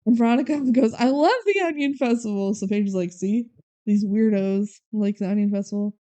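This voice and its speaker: Speaking with a dark tone at medium pitch, a woman co-hosts a podcast and casually summarizes a movie. Along the way she acts out lines in quick character voices and laughs.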